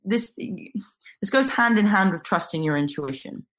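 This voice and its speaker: A young woman, a guest telling a personal story in an animated way and acting out what people said. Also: medium pitch, measured pace. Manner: animated, acts out quotes.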